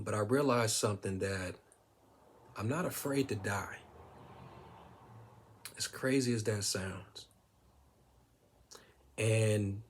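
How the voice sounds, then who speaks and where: A man casually telling a personal story to his viewers, relaxed, with many fillers and quoted bits of dialogue. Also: on the low side, slightly rough. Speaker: vlogger sharing a personal story.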